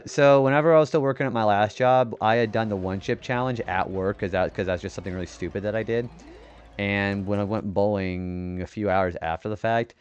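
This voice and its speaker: Young male streamer with a clear, smooth nerdy voice, rambling chat and frequent swearing while he plays. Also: low-pitched, highs cut off. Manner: rambling, swears often when frustrated; self-described nerdy voice. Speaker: game streamer. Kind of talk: casual gaming stream chat.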